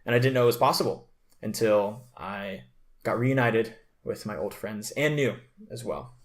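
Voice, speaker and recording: A young man co-hosting a podcast, animatedly telling his faith story in a casual chat and acting out what people said. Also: on the low side. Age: young adult. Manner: animated storyteller, quick, acts out quoted lines. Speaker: podcast co-host.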